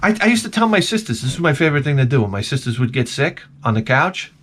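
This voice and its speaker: A man vlogging in a rambling comic monologue, animated and swearing freely as he slips into mocking voices. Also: mid-range voice, fast talker, slight background noise.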